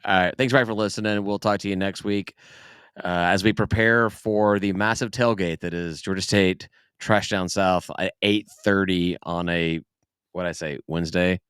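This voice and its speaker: A man with a Southern US accent talks loosely on a podcast, often stumbling and repeating himself before he finds the word. His voice sits low and sounds smooth and clean. The recording is close and dry. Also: steady tone, moderate pace, fairly bright tone, dry recording. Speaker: podcast host. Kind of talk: casual chat.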